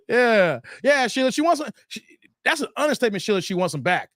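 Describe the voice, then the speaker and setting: A man's voice: high voice, sing-song, moderate pace, a bit bright, dry recording, clean studio sound. A man hosting a live stream, reacting to videos and reading chat comments aloud, laughing often and riffing animatedly.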